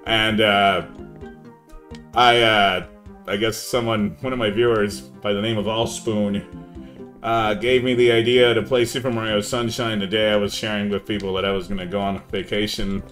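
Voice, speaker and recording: A young man chatting casually on a live gaming stream, laid-back and saying "man" a lot, yelling now and then at the game. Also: on the low side, steady tone, moderate pace, soft background music.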